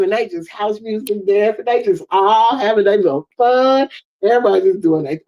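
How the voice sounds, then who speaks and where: Woman, fifties, African American English accent, livestream monologue, acts out dialogue, medium pitch. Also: a little fast. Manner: animated storytelling, acts out dialogue. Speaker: livestream host. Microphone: streaming setup mic.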